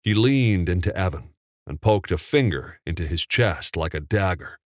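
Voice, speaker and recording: A man narrating a novel in a measured, unhurried storytelling manner. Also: low-pitched, lively intonation, dry recording, clean studio sound. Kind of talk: audiobook narration.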